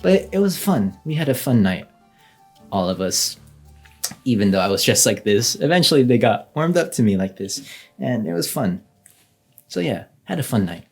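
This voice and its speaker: A man's voice: medium pitch, very animated, moderate pace, darkish tone, slightly rough, faint music behind. A young man telling a casual story as a vlogger, chatty, with lots of fillers and light laughs.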